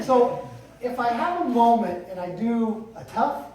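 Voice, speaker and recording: A man's voice: extremely high pitch, expressive, measured pace. Folksy man giving a eulogy in an echoey hall. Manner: folksy, rambling, with light humor. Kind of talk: funeral eulogy speech. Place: funeral hall. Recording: echoey hall, distant mic, faint noise.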